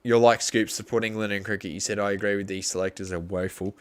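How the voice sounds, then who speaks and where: Rambling Australian man, low voice. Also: steady tone, fast talker, hardly any pauses, clear, resonant tone. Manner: rambling, argues with chat, crude. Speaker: live stream host. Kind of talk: live cricket reaction stream.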